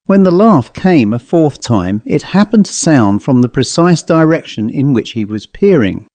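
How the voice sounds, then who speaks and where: A man narrating a ghost story as an audiobook, in a measured, steady way. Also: fairly high pitch, dry recording.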